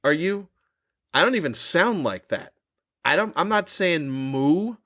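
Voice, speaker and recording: A man's voice: animated, unhurried, a bit bright. A man voicing an indignant cow that asks, incredulous, whether it is being mocked. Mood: offended. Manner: high, incredulous questioning.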